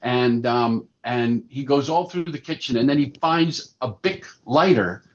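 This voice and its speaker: A man in his sixties, a puppeteer and actor, chatting through animated anecdotes as a podcast guest. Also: mid-range voice, unhurried. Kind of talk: casual interview storytelling. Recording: slightly dull lo-fi sound.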